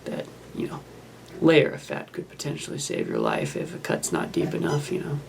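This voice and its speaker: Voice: rumbling low, wildly swooping pitch, normal speed, creaky, slight background noise. A host giving casual running commentary over a film while building a model kit. They ramble in an offhand, self-mocking way.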